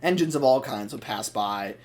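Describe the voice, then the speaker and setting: Animated storytelling man. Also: medium pitch, normal speed. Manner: animated, acts out scenes. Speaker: podcast co-host. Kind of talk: casual chat, storytelling.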